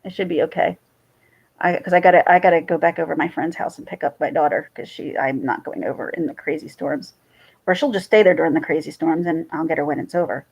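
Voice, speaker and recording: A woman's voice: low-pitched, fast talker, gravelly, a little mellow, husky, low-quality recording. A woman, rambling chattily to her chat while hosting a casual livestream. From central New Jersey. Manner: rambling and chatty, jumps between stories. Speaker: livestream host.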